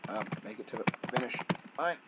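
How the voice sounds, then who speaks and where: A man doing gameplay commentary as a gaming YouTuber, swinging between yelling at the game and muttering to himself. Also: mid-range voice, expressive, fairly quick, heavy background noise.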